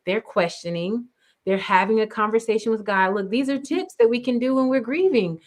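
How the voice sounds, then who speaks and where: A young adult woman, a grief coach, talking casually in an animated storytelling way and acting out the quotes she tells. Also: on the high side, fairly quick. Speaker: grief coach and speaker, guest. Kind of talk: casual conversational chat.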